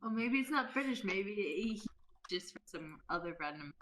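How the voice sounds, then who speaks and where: A woman's voice: medium pitch, expressive, moderate pace, fairly bright tone, slight background noise. A woman playing in a tabletop game, joking playfully with the others. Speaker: player.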